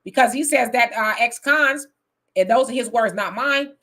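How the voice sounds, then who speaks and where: Woman host for a live call-in style stream, bright, emphatic, casual. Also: a little high, moderate pace. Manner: reads viewer comments aloud, then argues back in casual, emphatic speech. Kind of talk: live political talk stream.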